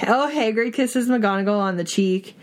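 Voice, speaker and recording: Chatty woman recapping a book. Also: medium pitch. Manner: retells scenes with quick quoted voices, laughs often. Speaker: podcast co-host. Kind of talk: casual book recap chat.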